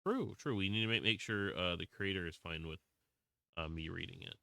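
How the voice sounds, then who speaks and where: A man with a Southern US drawl chats casually on a live game stream, speaking a little fast in a low, gravelly voice with a bright, forceful edge. He rambles, restarts often and reads viewers' comments aloud, and the recording is dry.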